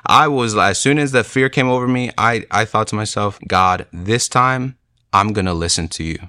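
A young man with a very low, bright-edged voice tells his faith testimony in an earnest, emotional, casual way. The recording is dry and close, with no room sound around him. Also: moderate pace, no room sound. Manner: earnest, emotional, many "like" and "you know" fillers. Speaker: speaker sharing a conversion testimony. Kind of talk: personal testimony storytelling.

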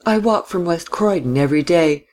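A male reader lifts his voice for an intense, reserved young woman in a storybook. Her speech is clipped and firm, set a little higher than his own voice. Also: lively intonation, normal speed, a little mellow, lightly acted.

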